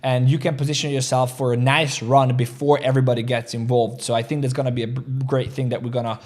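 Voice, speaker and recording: Crypto stream host, man, upbeat and talkative, reads viewer chat, average pitch. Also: fast talker. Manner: energetic, chatty, reads out chat comments. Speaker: crypto trading livestream host. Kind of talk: casual livestream chat. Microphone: desk mic, studio chair creaking.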